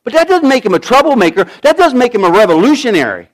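A male pastor preaching a sermon, swinging from loud urgent shouts to hushed, almost whispered asides. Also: very high voice, quick pace. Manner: animated preaching, rising to shouts, dropping to near whispers.

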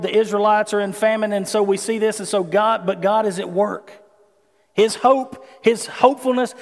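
A man delivers a relaxed, folksy sermon, moving from scripture into everyday stories. His voice sits high for a man. It rings out with a long hall reverb. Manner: conversational, folksy preaching with personal stories. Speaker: pastor.

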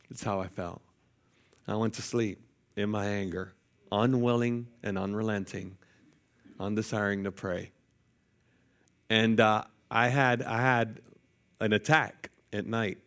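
Animated male preacher with joking asides. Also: lowish voice, a little slow, long pauses. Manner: lively, jokey asides to the congregation. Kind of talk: sermon with personal storytelling. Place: church sanctuary.

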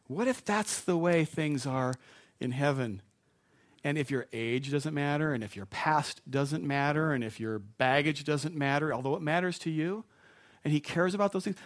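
A man's voice: a little high, moderate pace. A man preaching a sermon to a live congregation in a conversational way, with asides and self-deprecating jokes.

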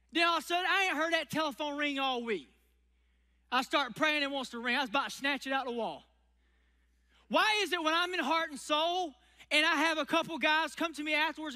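A man's voice: extremely high pitch, sharp tone. Man, sermon, emphatic folksy preaching, long hall reverb. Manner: preacher's rhythm, folksy and emphatic, stretching key words. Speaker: pastor.

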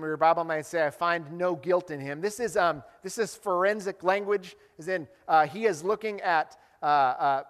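Male pastor, high-pitched, animated preaching, echoing church hall. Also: moderate pace, hardly any pauses. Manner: animated, acts out quoted lines. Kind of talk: sermon.

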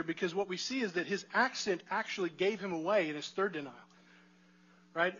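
A pastor with a high, bright, forward voice preaches a sermon conversationally, frequently posing rhetorical questions to the congregation. The recording sounds somewhat muffled and lo-fi.

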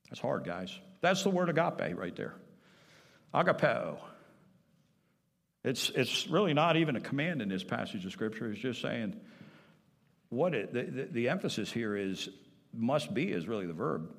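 Guy preaching in church, mid-pitched voice, hammers his points with repeats, big echoey hall. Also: very animated, moderate pace, creaky. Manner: emphatic, repeats key phrases, asks the congregation questions. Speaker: pastor. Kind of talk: sermon. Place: church sanctuary. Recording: long reverb of a church hall.

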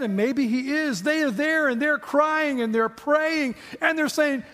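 A man preaching with fervor, his voice pitched unusually high and climbing further at each point he drives home. The sound rings out with the long reverb of a large church sanctuary. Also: measured pace, few pauses. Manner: impassioned preaching, rising to high emphatic peaks, then quiet in prayer. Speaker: pastor. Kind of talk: sermon.

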